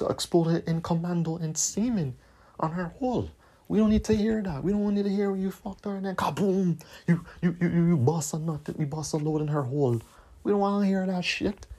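Husky man ranting with slang. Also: on the high side, dark tone. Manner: profane, repetitive, scolding rant. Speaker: podcast host. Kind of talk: solo podcast rant.

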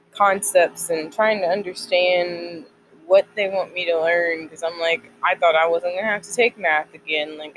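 A young adult in their twenties chats casually in a faith vlog, drifting from thought to thought and filling gaps with "like." The pitch sits in a plain middle range, and there is a faint hiss of noise underneath. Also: a bit bright, low-quality recording. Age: 20s. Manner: rambling, many "like" fillers. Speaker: college student sharing faith devotional.

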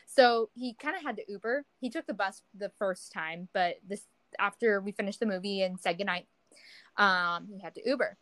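A young woman co-hosting a podcast, chatting casually and telling an animated story, acting out quoted people with big pitch jumps. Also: no echo, low-quality recording. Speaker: podcast co-host. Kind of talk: casual chat.

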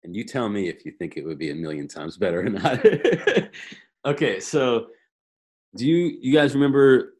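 This podcast guest spins stories in a laid-back conversation, his voice medium-pitched at normal speed. He's lively and laughs a lot, though he repeats words, stumbles and restarts his sentences.

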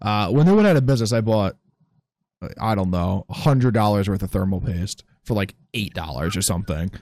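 A man co-hosting a podcast, talking loosely with plenty of fillers and swearing. His pitch moves around a lot, and the recording is dry and close. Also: lively intonation, fairly quick, a little mellow, dry recording. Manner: loose, profane, filler-heavy. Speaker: podcast co-host. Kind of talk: casual chat.

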